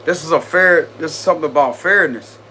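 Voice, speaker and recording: A man's voice: on the high side, fairly quick, bright, forceful tone, a little hiss or hum. A man reading tarot cards on a live stream in casual chat, giggling often and talking to viewers in loose slang. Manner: giggly, keeps breaking into laughter; chatty slang-heavy address to viewers. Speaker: tarot reader.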